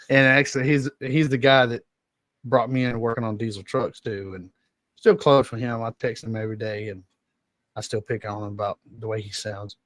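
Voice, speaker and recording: A man's voice: medium pitch, flat delivery, moderate pace, fairly bright tone, dry recording. Laughing man with a Georgia accent. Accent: Georgia Southern. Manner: laughs often, rambling storytelling. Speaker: podcast co-host. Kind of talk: casual chat.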